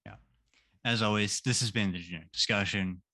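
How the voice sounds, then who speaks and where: A man's voice: fairly low pitch, brisk, pushed and bright, no echo. Casual male podcast host, dry sound. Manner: brief affirmations, wraps up the show. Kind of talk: casual interview hosting.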